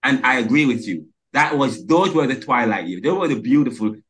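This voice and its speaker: A man's voice: medium pitch, lively intonation, brisk, fairly bright tone. A man hosting a podcast interview, who talks emphatically and stumbles and restarts his words. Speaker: podcast host.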